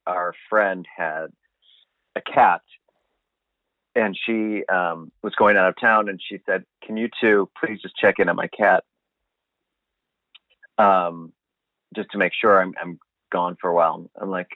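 A man telling a funny story in a casual chat, animated and swearing, acting out what he said at the time. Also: deep voice, a little slow, long pauses, no echo. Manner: animated, swearing, acts out his own quotes. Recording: dry, phone-like sound.

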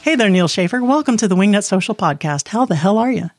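A woman co-hosting a casual podcast interview, playful and quick to laugh, introducing a guest. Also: medium pitch, animated, a little mellow, no room sound, soft background music. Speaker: podcast co-host.

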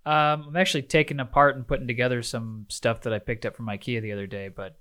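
A man's voice: medium pitch, steady tone, fast talker, bright, forceful tone, lightly acted. A man playing an obsessive young roommate in an improvised comedy scene, rambling and sheepish. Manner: rambling, sheepish, hedging with likes.

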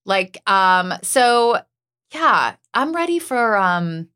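A woman's voice: medium pitch, very animated, very slow, bright, forceful tone, clean tone. A woman co-hosting a casual podcast, chatty and rambling, laughing easily as she talks. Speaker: podcast co-host and news anchor. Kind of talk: casual chat. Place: Asheville area.

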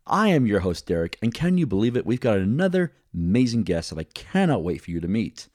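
A man's voice: lowish voice, very animated, fairly quick, hardly any pauses, darkish tone, no room sound, clean studio sound. A man hosting a podcast, chatting casually with a playful, jokey manner. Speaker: podcast host. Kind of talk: casual chat.

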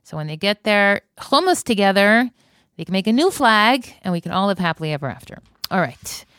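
A woman hosting a podcast in a casual monologue, chatty and opinionated, laughing between her points. Her voice is smooth and clear, and the recording is dry and close, with no room sound. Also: medium pitch, big pitch swings, fairly quick, fairly bright tone, dry recording. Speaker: podcast host. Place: Israel.

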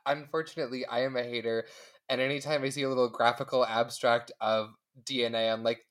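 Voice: medium pitch, steady tone, fast. A podcast co-host speaking bluntly and sardonically in casual chat.

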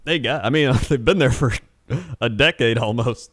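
A young man chatting casually and telling an animated story, acting out quotes and laughing often. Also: mid-range voice, normal speed, dry recording, studio quality. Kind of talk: casual chat.

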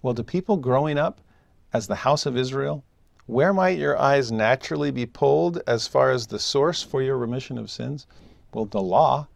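A man teaching a scripture lesson in a dry, close recording. He is emphatic, dropping into soft asides and then lifting into raised exclamations. His voice sits at an ordinary middle pitch. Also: normal speed, vocal fry, no echo.

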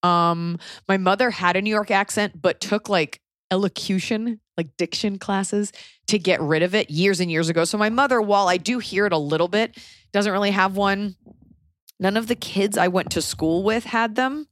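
A woman's voice: medium pitch, normal speed, dry recording. A woman with a Texan accent, co-hosting a podcast in a rambling, chatty way with lots of fillers. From Texas. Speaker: podcast co-host. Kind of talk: casual podcast chat.

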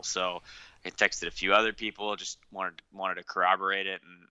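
A man co-hosting a podcast over a remote call, telling a rambling story with halting restarts. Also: low-pitched, little pitch movement, pushed and bright, clean tone, no echo, highs cut off. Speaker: podcast co-host. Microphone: remote call setup.

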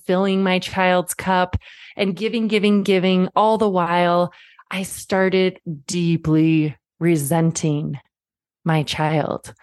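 A woman in her thirties hosting a parenting podcast, talking straight to the listener in a warm, reassuring way, like a friend. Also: mid-range voice, no room sound, clean studio sound. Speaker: podcast host. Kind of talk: podcast monologue.

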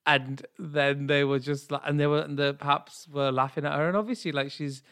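A man's voice: a little high, fairly even intonation, normal speed, a bit bright, smooth. A man with an English accent, co-hosting a podcast and telling stories in playful, casual chat. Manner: chatty, playful, storytelling. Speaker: podcast co-host, drag performer.

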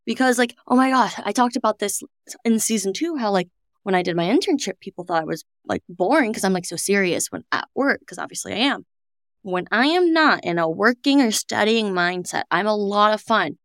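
A young woman co-hosting a podcast, chatting casually in quick bursts with lots of "like". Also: medium pitch, sing-song, no echo, clean studio sound. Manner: chatty, fast bursts, frequent "like". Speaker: podcast co-host. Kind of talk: casual chat.

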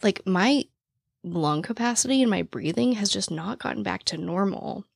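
A woman hosting a podcast after-show in casual chat, with a naturally raspy voice, talking very fast and out of breath. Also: mid-range voice, no echo, studio quality. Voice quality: naturally raspy voice with vocal fry. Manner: talks very fast, excited and rambling. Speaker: podcast host. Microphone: studio microphone, standing.

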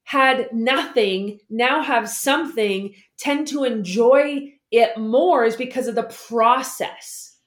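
A woman guest explaining money habits in a casual interview, lively and acting out the voices she quotes. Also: on the high side, slow, hardly any pauses, echoey room. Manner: animated, acts out quoted voices.

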